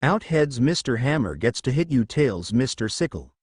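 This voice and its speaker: Man doing a scarred crime boss, bitter, cold, threatening, measured, mid-pitched, dry sound. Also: very animated, slightly rough, no room sound.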